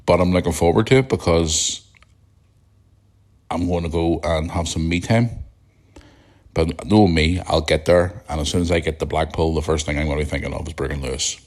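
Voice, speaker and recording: Speaking straight into a podcast mic, a middle-aged Northern Irish host rambles bluntly and chattily, as though filling listeners in on his week, in a casual solo episode. His very low, croaky morning voice has a darkish tone, fairly even intonation, and a normal speed.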